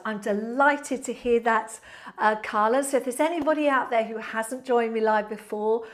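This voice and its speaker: A woman's voice: a little high, normal speed. A woman leading a live pilates class, encouraging and a little out of breath. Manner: cheerful, encouraging cues. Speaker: pilates instructor. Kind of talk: live-streamed workout instruction.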